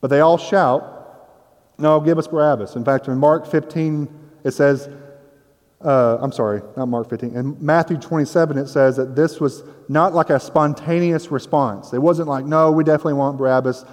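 A man's voice: on the high side, normal speed, a little mellow, in a large hall. A man preaching a sermon in a conversational, self-deprecating way, acting out quoted voices. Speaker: pastor.

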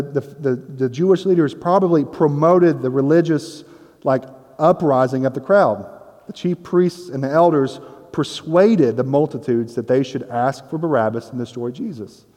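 A man's voice: medium pitch, a little mellow, in a large hall. A man preaching a sermon in a conversational, self-deprecating way, acting out quoted voices. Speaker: pastor.

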